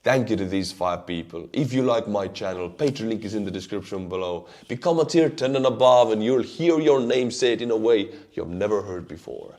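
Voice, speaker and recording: Hoarse Estonian-accented man. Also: fairly low pitch, lively intonation, moderate pace, few pauses, a little mellow. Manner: earnest, addresses viewers as friends. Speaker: war update host. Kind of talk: news commentary.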